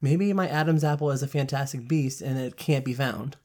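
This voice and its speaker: A woman in casual chat, co-hosting an audiobook review, playful and animated. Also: extremely low pitch, normal speed. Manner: chatty, playful and animated, laughs often. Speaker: podcast co-host reviewing an audiobook.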